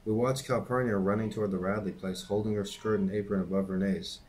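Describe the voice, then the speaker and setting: A man reading a novel aloud in a steady, unhurried narration. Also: on the low side, slight background noise, rough recording. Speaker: reader and teacher.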